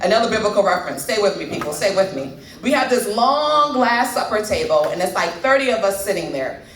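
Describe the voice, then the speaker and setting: Animated woman doing stand-up. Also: mid-range voice, brisk, a little hiss or hum. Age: 30s. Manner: conversational, teasing the audience. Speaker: stand-up comedian. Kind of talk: stand-up comedy set. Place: comedy club stage. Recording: echoey club from far mic.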